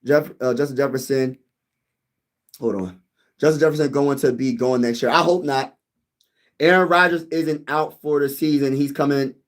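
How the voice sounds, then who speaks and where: A young man hosting a casual sports livestream, reading comments aloud and chatting excitedly with viewers. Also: mid-range voice, normal speed, pauses often. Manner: excitable, talks to viewers as "y'all", sings snippets.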